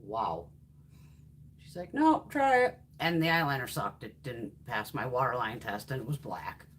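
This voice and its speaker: Low-voiced, blunt, foul-mouthed woman. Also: moderate pace, a little hiss or hum. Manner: blunt, profane, animated storyteller. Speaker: beauty YouTuber. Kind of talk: casual livestream chat while swatching makeup.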